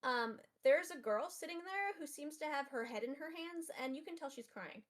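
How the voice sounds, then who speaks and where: A woman narrating as game master of a tabletop game, with lively narration full of fillers. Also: high voice, normal speed.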